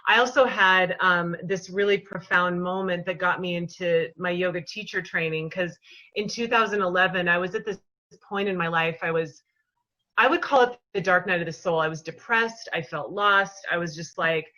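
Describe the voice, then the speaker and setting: A woman yoga teacher tells her story in a casual interview. She speaks in a bright voice with animated, expressive delivery. She laughs easily as she talks. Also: fairly low pitch, normal speed, poor audio.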